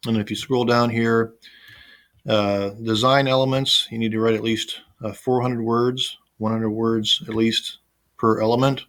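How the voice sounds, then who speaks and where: Guy teaching an online class, mid-pitched voice, laid back, lots of uhs and restarts, recorded at his computer. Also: level tone, measured pace, a bit bright. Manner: casual and conversational, with frequent fillers and restarts. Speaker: instructor. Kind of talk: recorded online lecture with screen share.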